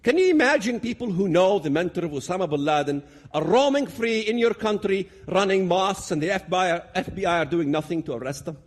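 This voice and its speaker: A man gives a dramatic public talk. His voice sits high for a man and swings widely as he pushes each point hard. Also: animated, fairly quick. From Palestinian territories. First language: Arabic. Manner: dramatic, emphatic, builds to loud peaks. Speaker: public speaker.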